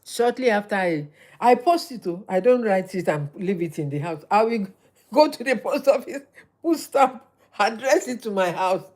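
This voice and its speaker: A middle-aged woman, hosting a motivational livestream, talking in a lively, preachy way and repeating phrases for emphasis. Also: medium pitch, moderate pace. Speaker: livestream host.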